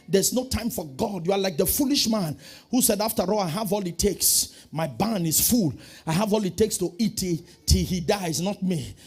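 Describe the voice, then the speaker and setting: A man preaching a sermon in a high, husky voice. He calls out to the congregation and swings from quiet asides to full shouts. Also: animated, normal speed, soft background music. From Nigeria. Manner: preaching with call-and-response, swinging from soft to shouting. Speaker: pastor.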